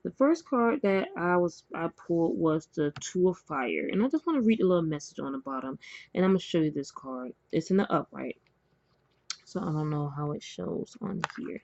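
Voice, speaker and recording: Low-pitched woman, casual tarot reader, rambling and chatty, dry home-camera sound. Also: expressive, normal speed, gravelly, a little mellow, dry recording, muffled recording. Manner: chatty and rambling, with many fillers and apologies. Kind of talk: casual spoken tarot reading. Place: indoors at a table with cards. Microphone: camera mic, face not shown.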